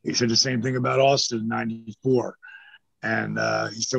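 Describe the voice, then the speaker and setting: A man's voice: medium pitch, level tone, moderate pace, creaky, no echo. A man in his sixties, a guest on an interview show, telling stories casually and animatedly with profanity, acting out the voices of people he quotes. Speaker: interview guest, former wrestler. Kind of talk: casual storytelling. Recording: dull lo-fi sound.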